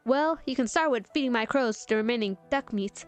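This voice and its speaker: A cool, scheming young woman who rules a flock of crows, as a woman puts her on. She gives orders in a firm, dry, unhurried voice. Faint music plays behind her. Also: a little high, lightly acted.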